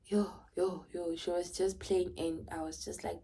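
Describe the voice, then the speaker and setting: Husky South African woman telling a story. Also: lowish voice, a little slow, few pauses. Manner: animated, often drops to a whisper. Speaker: vlogger. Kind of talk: personal storytelling.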